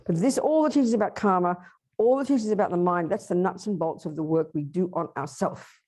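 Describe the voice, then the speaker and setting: A woman teaching Buddhism at a workshop, lively, acting out inner voices and asking her listeners questions. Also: fairly low pitch, a little fast.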